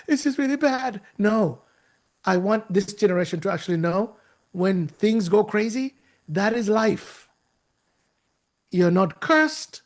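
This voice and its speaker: A man's voice: high voice, gravelly. A man giving an emphatic, preacherly motivational talk to young people, often restarting and repeating words. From Uganda. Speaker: guest speaker and author.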